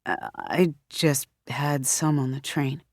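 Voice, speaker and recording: A shaken young man stammers through his words, low and quiet, as a woman reads him. He sounds lost and unsure of himself. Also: slow pace, no room sound, studio quality, heavily acted. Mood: dazed. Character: dazed, confused young man, newly arrived.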